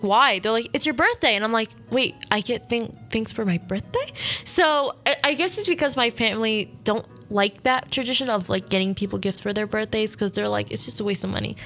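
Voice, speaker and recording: A young woman hosting a radio show tells a personal story in a chatty, rambling way, correcting herself often, saying "like" a lot and sniffling now and then. Her voice is a little high, bright and forceful, and she talks fast over soft background music.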